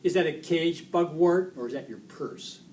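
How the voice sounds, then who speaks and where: A shrill, frantic schoolboy bully, as a man puts him on, pitched well above the reader's own voice and pushed loud. He shrieks and blusters. The voice sits a little away from the mic, with a faint hiss behind it. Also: expressive, normal speed, reverberant, natural voice. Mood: mocking. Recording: distant mic, faint noise.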